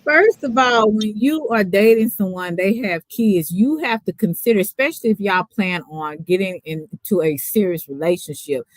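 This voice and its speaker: A woman's voice: medium pitch, moderate pace, hardly any pauses, no room sound. A woman hosting a casual panel chat, blunt and questioning in how she talks. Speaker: host.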